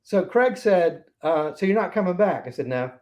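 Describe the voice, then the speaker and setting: A man in his sixties tells stories as a podcast guest, slipping into the voices of the people he quotes. His voice sits a little high and swings up and down as he goes. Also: moderate pace. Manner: animated anecdotes, acting out quoted voices. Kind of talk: storytelling in a casual interview.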